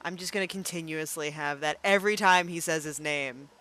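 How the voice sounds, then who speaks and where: Chatty young woman with a lowish voice. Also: a little fast, a bit bright, slight background noise. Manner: chatty and playful, thinks aloud with fillers. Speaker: streamer. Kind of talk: casual live-stream game commentary.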